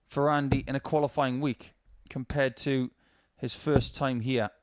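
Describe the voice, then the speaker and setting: A man's voice: medium pitch, level tone, a little slow, no echo. A man commentating on a darts match, breaking down the players' throwing technique in detail. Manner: analytical, explains throwing technique at length. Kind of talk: live sports commentary.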